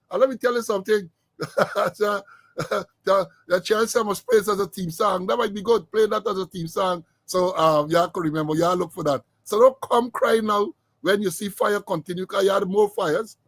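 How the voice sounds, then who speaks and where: Guy hosting his own politics show, kinda high voice, dry close sound, repeats stuff for emphasis. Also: moderate pace, no echo. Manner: emphatic, repeats phrases for weight. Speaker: podcast host. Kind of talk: casual political commentary.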